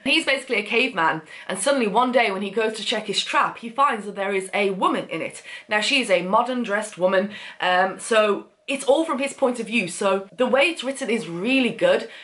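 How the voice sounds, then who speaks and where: A woman's voice: a little high, a bit bright. A woman talking through her favourite books in a chatty, effusive way, swearing now and then. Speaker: book vlogger. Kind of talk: casual book review chat.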